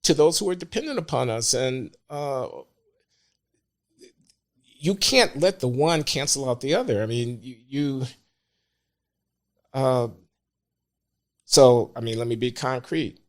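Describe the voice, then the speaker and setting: An older man, a podcast guest, speaking in a measured, emphatic way with hesitant pauses. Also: medium pitch, animated. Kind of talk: opinionated talk.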